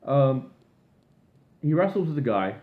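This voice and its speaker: A man's voice: mid-range voice, sing-song, a little slow. A man rambles through a long, profane rant with an exasperated edge. His voice comes through thin and phone-like. It bounces around an echoey room. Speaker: vlogger. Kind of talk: casual rant.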